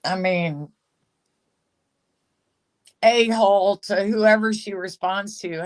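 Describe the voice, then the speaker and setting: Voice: mid-range voice, takes it slowly, pauses often. A livestream host chatting casually and sarcastically about online personalities, greeting commenters and often laughing. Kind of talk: casual gossip commentary, reading chat.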